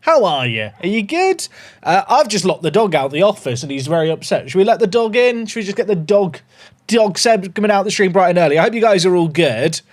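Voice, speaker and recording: A man's voice: high voice, sing-song, brisk. A man chatting casually to viewers on a livestream from his home office, upbeat and talkative.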